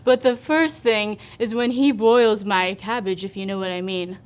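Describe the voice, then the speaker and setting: A woman's voice: mid-range voice, steady tone, normal speed, slight background noise, close to an everyday voice. A woman putting on a chipper 1950s Minnesota housewife with an old-fashioned Minnesota accent, sweet and folksy, demonstrating a recipe in character. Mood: folksy, coy. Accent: put-on old-fashioned Minnesota. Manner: sweet, prim, folksy, with coy innuendo. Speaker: cooking show presenter in character. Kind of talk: comic character cooking demo.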